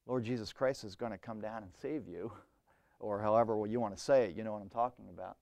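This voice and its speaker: A man's voice: on the low side, fast, gravelly, darkish tone, no room sound. A man preaching a sermon in an earnest, conversational way, often restarting phrases and adding "you know".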